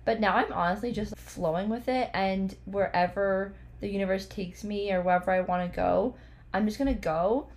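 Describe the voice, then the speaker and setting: Chatty hoarse woman podcast host. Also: medium pitch, normal speed, a little mellow. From Canada. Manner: chatty and upbeat, laughs easily. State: hoarse, losing her voice. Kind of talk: casual chat.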